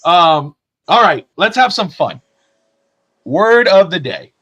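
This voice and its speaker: Bright rambly podcast guy, kinda high voice, lots of um and you know. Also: very animated, slow, breathy edge. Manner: rambling storyteller, lots of fillers and laughs. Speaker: podcast co-host. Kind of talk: casual sports chat. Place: lives in Tennessee.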